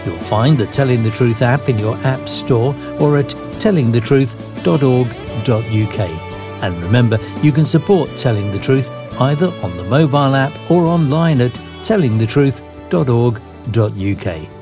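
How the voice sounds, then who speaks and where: A man's voice: mid-range voice, lively intonation, normal speed. Guy doing the show announcements, friendly read, guitar playing under him. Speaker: radio program announcer. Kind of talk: scripted announcement. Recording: guitar music behind the voice.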